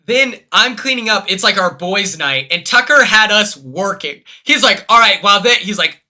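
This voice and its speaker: A man hosting a casual livestream chat, telling stories quickly and excitably with lots of fillers. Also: sits high. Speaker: streamer host.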